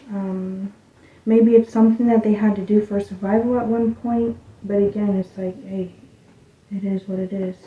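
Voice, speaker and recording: A woman giving a casual spiritual card reading, rambling loosely and dropping into soft muttered asides. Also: mid-range voice. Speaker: tarot reader. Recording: tinny, phone-like sound in an echoey room.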